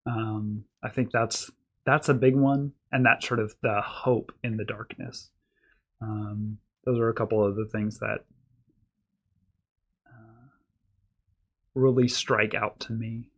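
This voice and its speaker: A man's voice: lowish voice, slow, long pauses. A man hosting a faith podcast with his wife, talking in an easy, casual way with frequent fillers. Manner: relaxed, many fillers and restarts. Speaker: podcast host and pastor. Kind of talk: casual chat.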